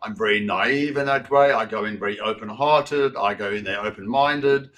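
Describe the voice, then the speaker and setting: A man's voice: fairly low pitch, normal speed. A man in his sixties, a podcast guest telling his story frankly and with animation, swearing freely and poking fun at himself. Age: 60s. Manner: frank, animated, swears freely, frequent self-deprecating asides. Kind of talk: candid conversational storytelling.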